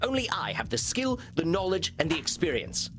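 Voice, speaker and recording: An actor playing a pompous, melodramatic vampire doctor centuries old in a video game, with a theatrical, haughty delivery. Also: male voice, fairly high pitch, wildly swooping pitch, moderate pace, noisy background.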